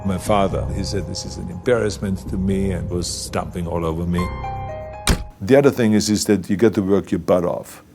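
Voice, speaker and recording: Man, German accent, native German speaker, emphatic motivational delivery, lowish voice. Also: fairly even intonation, normal speed, creaky, music in the background. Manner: emphatic, heavily accented, sometimes restarting words. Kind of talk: motivational speech and interview.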